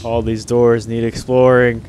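A young man co-hosting a casual gaming commentary, excitable and swearing, bursting into shouts. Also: medium pitch, measured pace, background noise. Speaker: gaming channel co-host.

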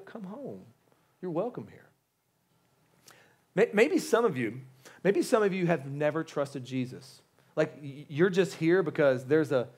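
Stammering, conversational pastor, higher-pitched man. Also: a little mellow, slightly rough. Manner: conversational, stammering restarts, pleading; casual slang, joking asides. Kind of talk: sermon.

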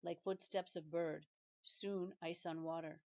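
A woman doing a grave, slow old man. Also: on the low side, fairly even intonation, a little mellow, no echo. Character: solemn, dignified old man, speaking slowly. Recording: dull lo-fi recording.

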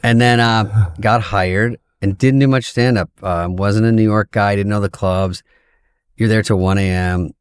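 A middle-aged man, a comedian guest, telling stories in casual chat, profane and animated, acting out quoted voices. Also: fairly low pitch, unhurried, clear, resonant tone, no room sound, clean studio sound.

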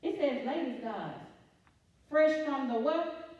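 A woman elder delivers a sermon, repeating her lines and throwing questions out to the congregation. Her voice sits high. She is picked up from a distance in a very echoey church hall, and the sound is muffled. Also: animated, takes it slowly, darkish tone.

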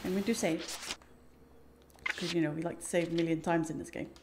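This gaming streamer has a lowish voice with fairly even intonation and speaks a little fast. Chatting casually through her let's-play, she addresses the game and its creatures and laughs a lot. Background noise can be heard.

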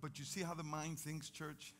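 A man preaching a sermon to his church, telling a story in an animated way and acting out the voices in it. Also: a little high, moderate pace, gravelly, soft background music. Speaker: pastor.

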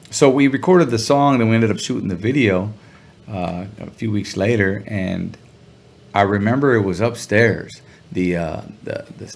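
A middle-aged man telling a story as an interview guest, relaxed and full of slang. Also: on the low side, vocal fry. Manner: laid-back, chuckling, heavy slang. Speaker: guest musician.

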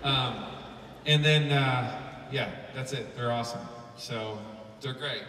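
A man's voice: medium pitch, slow pace, background noise. A man in his thirties, a musician giving a humorous, rambling keynote with lots of fillers, heard from afar at a conference. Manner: rambling, joking, chatty with many fillers. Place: large conference hall. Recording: echoey hall, from far off.

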